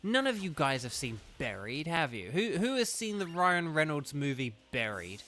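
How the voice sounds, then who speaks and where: Bright-voiced southern English man rambling. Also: a little high, very animated, moderate pace, faint music behind. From southern England. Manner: rambling, chatty, heavy use of "like". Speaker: game streamer. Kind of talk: casual livestream chat.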